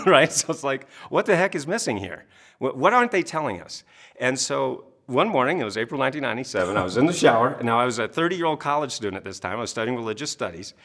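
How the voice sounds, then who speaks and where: A man in his fifties from Maine, a coach telling his story in an interview, energetic, laughing often and acting out his audiences. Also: medium pitch. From Maine, USA.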